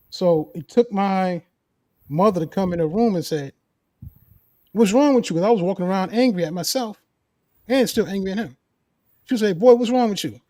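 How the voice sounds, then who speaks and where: A man's voice: high voice, darkish tone, no echo, studio quality. A man on a talk show telling a personal story in an earnest, emphatic way, often repeating key phrases. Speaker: co-host sharing a personal story. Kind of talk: casual conversation, storytelling.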